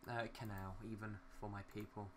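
A young gaming YouTuber with a lowish, level male voice speaks briskly over background noise. He builds in a city game while rambling casually to himself, cursing mildly when glitches hit.

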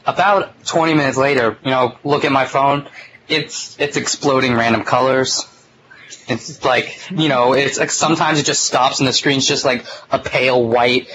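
A young man of middling pitch tells a story in a loose, rambling way, filling his sentences with "like" and the odd curse. It sounds like a relaxed chat recorded on a phone, with a faint hiss underneath. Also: normal speed, low-quality recording. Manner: rambling, full of "like" and mild swearing. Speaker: podcast host.

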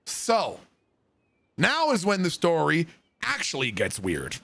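A streamer telling a creepy story in casual, profane, animated style, spoofing dialogue. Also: male voice, on the high side, slow pace, gravelly, a little hiss or hum.

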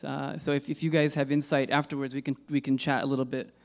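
A man's voice: mid-range voice, level tone, fast, gravelly. A man giving an informal lecture on poetry. He hesitates, corrects himself and uses many fillers.

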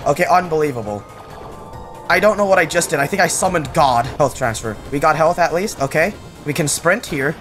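A young man narrating his gameplay in a casual, jokey way, with a voice sitting a bit higher than most men's. He jumps into excited yelps whenever the game surprises him. Game music plays faintly under his talk. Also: moderate pace. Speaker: gaming channel host.

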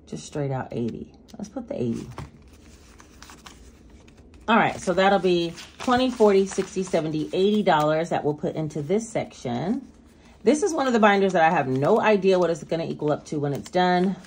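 A woman's voice: lowish voice, expressive, moderate pace, a little mellow, slight background noise. A woman making a casual budgeting vlog, chatting with viewers and counting cash aloud as she stuffs binders. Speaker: budgeting vlogger.

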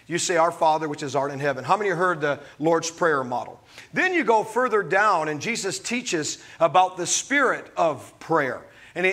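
Male pastor, animated preaching, quick jokes, high, ringing voice. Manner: animated preaching with humorous asides. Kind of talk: sermon.

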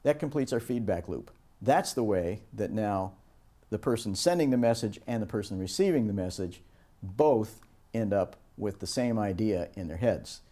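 Man teaching with a mellow voice. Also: expressive, normal speed. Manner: storytelling, acts out quoted voices with raised pitch. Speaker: instructor. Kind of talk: recorded lecture on project teamwork.

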